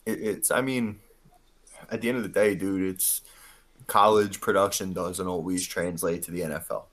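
Low-voiced man talking football. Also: steady tone, normal speed, a bit bright. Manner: emphatic, swearing, fillers. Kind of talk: casual sports talk.

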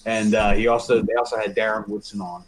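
A man's voice: fairly low pitch, level tone, quick pace, a little hiss or hum, poor audio. A young man telling a story to his friends, rambling with lots of fillers and laughing as he goes. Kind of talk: casual storytelling among friends.

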